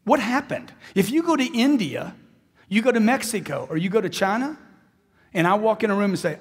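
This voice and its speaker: A man with a high, husky voice works a crowd at a sales seminar, driving each point home with emphatic repetition. His voice rings out with a long reverb trail, as if it fills a big hall. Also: lively intonation, brisk. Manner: intense, emphatic, repeats phrases for punch. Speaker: motivational sales speaker. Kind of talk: live seminar speech.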